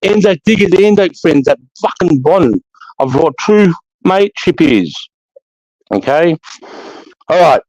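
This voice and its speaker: A man's voice: fairly high pitch, expressive, unhurried, long pauses, darkish tone, dry recording. An Australian man hosting a live chat, talking bluntly with heavy swearing and preaching with emphasis. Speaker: host of a live chat show. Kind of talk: casual spoken monologue. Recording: dull lo-fi dry audio.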